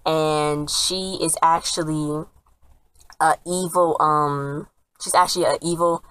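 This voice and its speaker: A woman's voice: low-pitched, steady tone, takes it slowly, fairly bright tone, low-quality recording. A woman casually retelling a TV episode as a reviewer, rambling and chatty, and often quoting the characters. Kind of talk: casual spoken recap.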